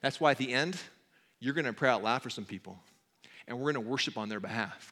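A man preaching a sermon in an earnest way, now excited, now hushed, reading passages aloud. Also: mid-range voice, fairly quick, pauses often. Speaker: pastor.

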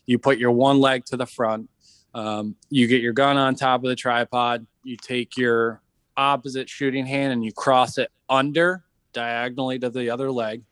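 A man's voice: medium pitch, moderate pace, clear, resonant tone, dry recording. A man telling stories in a casual podcast chat, acting out the people he quotes. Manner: animated storyteller, acts out quoted voices. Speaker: podcast guest, veteran entrepreneur.

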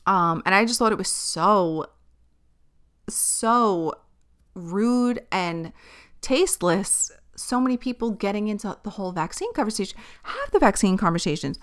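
A woman's voice: mid-range voice, a bit bright. A woman hosting her own podcast, chatting candidly and animatedly on her own and swearing freely. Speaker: podcast host. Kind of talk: casual solo podcast chat.

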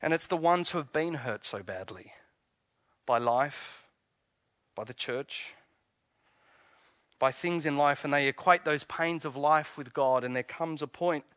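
A man gives an Easter sermon in a fairly high, bright and forceful voice. He talks to the congregation conversationally, posing questions and restarting his phrases. The sound is dry and close. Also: measured pace, long pauses, no echo. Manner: conversational, questioning, self-interrupting preacher. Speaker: pastor.

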